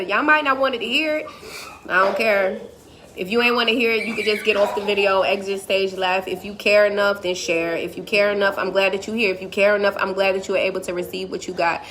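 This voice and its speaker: A woman's voice: on the high side, background noise. A woman motivational speaker on a live stream, talking emphatically and repetitively in a preacherly way.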